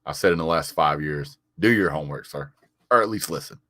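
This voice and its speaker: Man, very deep voice, casual live-stream banter, reads chat aloud, stammering repeats, dry close sound. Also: a little fast, bright, forceful tone, dry recording. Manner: reads viewer comments aloud and answers them; frequent chuckles and "sir" rebuttals. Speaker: sports vlogger reading live chat.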